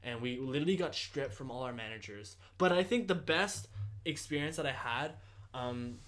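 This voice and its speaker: A teenage man hosting a casual podcast chat, telling animated stories and swearing freely. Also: medium pitch, moderate pace. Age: teens. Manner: animated storyteller, swears freely, acts out customer exchanges. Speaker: podcast host.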